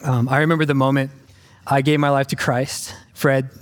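A man's voice: medium pitch, level tone, moderate pace. A man giving a sermon to his congregation, earnest and conversational, often checking in with the room. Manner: earnest, conversational, many ums and "right?" checks. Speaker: preacher. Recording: long hall reverb.

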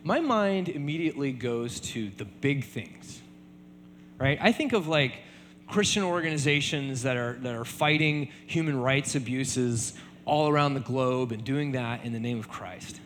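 A man preaching a sermon in a relaxed conversational way, often checking in with "right?". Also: mid-range voice, a little slow, in a large hall, a little hiss or hum. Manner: conversational, many fillers and repeated tag questions. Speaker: pastor.

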